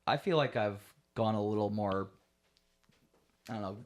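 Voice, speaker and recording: A young man with a fairly low voice tells stories in a loose, casual way. He gets animated and laughs as he acts out his relatives' lines. Faint background noise sits under the chat. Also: normal speed. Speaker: podcast guest.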